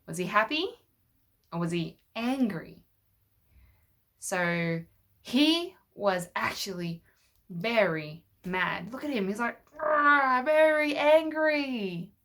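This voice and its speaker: A woman's voice: lowish voice, lively intonation, slow pace, pauses often, a bit bright. A woman telling a Bible story to children with toy figures, patiently asking them questions as she goes. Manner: patient, asks the listener questions.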